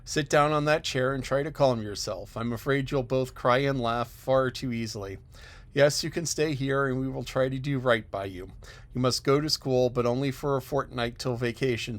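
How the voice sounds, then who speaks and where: A strict middle-aged spinster, read by a male audiobook narrator who speaks curtly and disapprovingly. The voice stays close to the narrator's own mid-range tone, firm and brisk rather than transformed. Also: mid-range voice, steady tone, close to an everyday voice. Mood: stern. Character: stern, unbending middle-aged spinster woman. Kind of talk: audiobook character voice.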